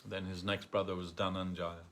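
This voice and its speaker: A man telling a story at a temple gathering in a halting way, with many fillers and restarts. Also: low voice, flat delivery, a bit bright. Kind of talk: storytelling talk. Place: temple hall.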